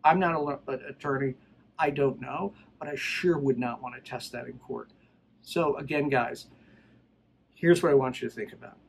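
A man's voice: medium pitch, a little hiss or hum, low-quality recording. Emphatic middle-aged man explaining firearms training. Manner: emphatic, conversational, retells scenarios with acted quotes. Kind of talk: casual instructional talk.

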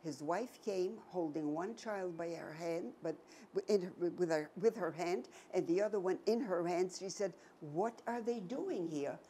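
A woman in her nineties giving a personal testimony to an audience, telling her story slowly and emphatically with many repetitions. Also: lowish voice, dark tone, a little hiss or hum. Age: 90s. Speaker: Holocaust survivor giving a talk.

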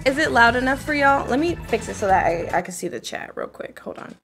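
A woman game streamer chatting casually and excitedly with her live chat while setting up a game. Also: fairly high pitch, fairly quick, soft background music.

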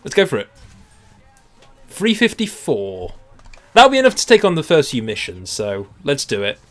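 Young man commentating gameplay, excitable and swears at the game, swings his pitch a lot. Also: normal speed, faint music behind. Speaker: gaming YouTuber. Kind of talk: let's play commentary.

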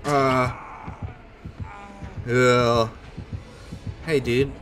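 A man's voice: medium pitch, little pitch movement, extremely slow, a bit bright, a little hiss or hum. A young man commenting on his own game as he plays it, easily spooked and breaking into panicky yelps. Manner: jumpy, panicky reactions with sudden yelps. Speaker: gaming channel host. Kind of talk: let's play commentary.

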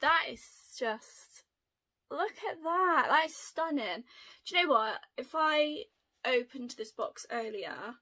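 A young woman chatting through an unboxing video, gushing and excitable, often gasping with delight. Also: on the high side. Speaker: unboxing vlogger. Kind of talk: casual unboxing chat.

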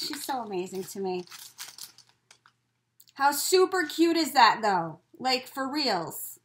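A woman's voice: sits high, big pitch swings, takes it slowly, slight background noise, poor audio. A woman chatting casually as she opens craft mail, gushing and giggling with frequent exclamations. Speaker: crafting vlogger opening mail. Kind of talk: casual unboxing chat.

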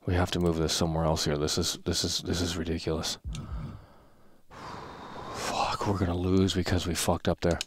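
A man streaming a wrestling video game, trash-talking the screen with lots of swearing, swinging from yelling to low muttering. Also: a little hiss or hum. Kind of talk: casual live-stream commentary.

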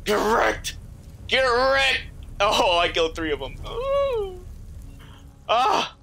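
A high-voiced gamer whose pitch leaps wildly from low mutters to piercing shrieks, cursing and taunting the enemies on screen. The delivery is drawn out and unhurried between the bursts of yelling. Game music plays clearly underneath. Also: very animated. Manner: shrieks, yells and swears in reaction to scares. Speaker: gaming YouTuber. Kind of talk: let's play commentary.

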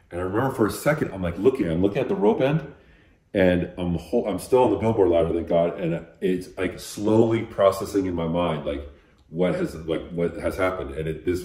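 A man with a low voice tells his story in loose, rambling bursts, swearing freely and padding every thought with "like." It sounds like a relaxed interview recorded in an echoey room. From Los Angeles. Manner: profane, rambling, lots of "like". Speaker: graffiti artist guest.

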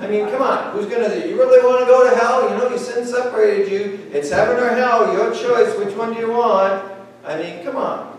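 A man preaching a sermon as pastor, talking in a conversational, animated way and acting out little dialogues. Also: high voice, moderate pace, slight background noise. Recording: echoey hall, speaker far from mic.

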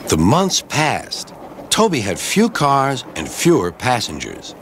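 A man narrating a children's storybook in a measured, expressive manner. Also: medium pitch, slight background noise.

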